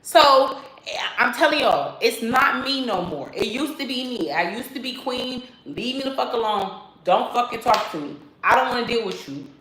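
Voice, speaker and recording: A woman talking casually to her viewers in a sassy, animated vlog style, laughing and swearing freely. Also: on the high side, moderate pace, roomy sound, a little hiss or hum, low-quality recording. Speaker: vlogger. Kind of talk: casual self-talk vlog.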